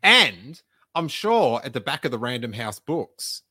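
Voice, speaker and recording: A man's voice: medium pitch, very animated, a little slow, pushed and bright, husky, no room sound. A man, co-hosting a casual podcast chat, joking and often cutting in. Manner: jokey, interrupting, bursts into silly voices. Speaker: podcast co-host.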